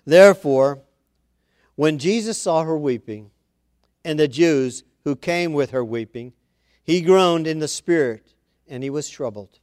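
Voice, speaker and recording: A man's voice: on the high side, animated, measured pace, darkish tone, no room sound, clean studio sound. A man preaching an informal Bible-study sermon, reading scripture aloud and then commenting in a chatty way with asides.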